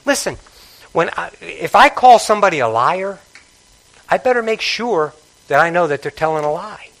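A man preaching from the pulpit in a church, his voice pitched high and ringing bright. He drives his points home by repeating them and keeps prodding the congregation to answer back. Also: sing-song, moderate pace, poor audio. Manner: emphatic, repeats phrases, prods congregation for responses. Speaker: pastor. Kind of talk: sermon.

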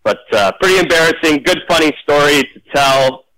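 A man, a former referee, telling stories casually in an interview, animated and full of restarts. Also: a little high, normal speed, poor audio. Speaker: hockey officiating manager, former referee.

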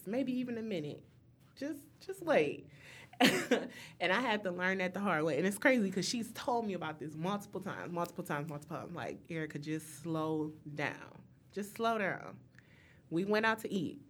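Animated young woman telling a story. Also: on the low side. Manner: animated storyteller, acts out quotes. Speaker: podcast co-host. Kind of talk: casual chat.

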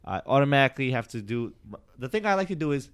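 A man's voice: mid-range voice, very animated, quick pace, clear, resonant tone. A man co-hosting a podcast, chatting casually and animatedly, acting out voices as he tells a story. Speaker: podcast co-host. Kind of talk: casual chat.

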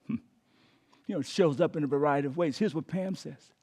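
A man preaching a sermon as pastor, calling on the congregation to repeat words, swinging between emphatic and hushed delivery. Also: a little high, fairly quick. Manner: preaching with call-and-response prompts to the congregation.

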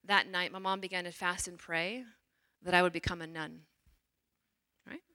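Middle-aged nun, personal testimony, lively storyteller, bright tone. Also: female voice, fairly low pitch, moderate pace. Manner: animated storyteller, acts out quotes. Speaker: religious sister.

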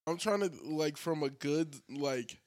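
Hesitant young man in casual chat. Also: fairly high pitch. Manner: hesitant, searching for words, drawn-out fillers.

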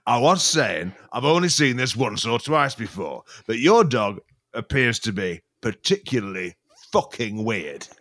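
A man's voice: mid-range voice, a little slow. A man playing a blunt, rude dog trainer. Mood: deadpan, blunt. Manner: drawling, deadpan, insulting.

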